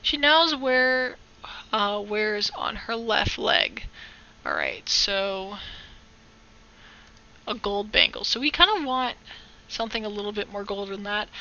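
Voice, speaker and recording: A woman talks slowly through a casual live-stream art tutorial, her voice bright and sharp with a gravelly fry underneath. She rambles, jokes and corrects herself mid-sentence. The audio is dull and lo-fi. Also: mid-range voice. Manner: rambling, jokey, self-correcting, talks to chat.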